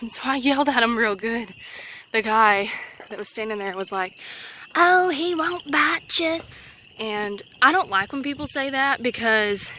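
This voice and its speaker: A young mother, talking casually in a rambling vlog with many fillers while out on a walk, a little out of breath. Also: on the high side. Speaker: vlogger, mother. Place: outdoors on a road, walking with a stroller. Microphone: handheld phone camera. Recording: loud outdoor noise, traffic.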